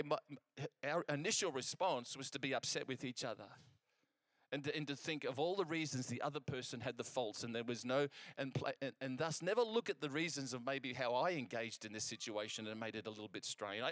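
Male preacher for a sermon, lively storyteller, chatty with restarts, mid-range voice, dry close sound. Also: medium pitch, fairly quick, dry recording. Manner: animated storytelling, acting out quoted exchanges; conversational, with frequent restarts.

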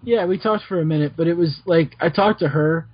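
A man's voice: a little high, a little fast, husky. A young man co-hosting a podcast in casual chat, who says "like" often. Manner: chatty, uses "like" often. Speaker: podcast co-host. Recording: dull lo-fi podcast audio with faint noise.

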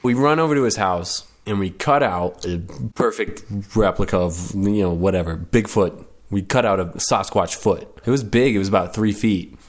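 Hardly pausing, a man in his late twenties talks at a moderate pace in a fairly low voice as a storyteller guest. He casually rambles through a personal anecdote and fixes his own wording as he goes.

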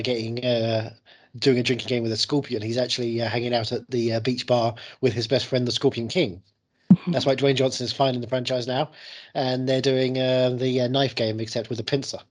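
A man co-hosting a podcast, rambling through deadpan comic riffs in casual chat. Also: medium pitch, fairly quick. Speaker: podcast co-host.

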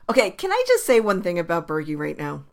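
A woman co-hosting a casual sports podcast, talking in an animated, gushing way with some swearing. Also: fairly low pitch, a little fast, gravelly. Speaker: podcast co-host.

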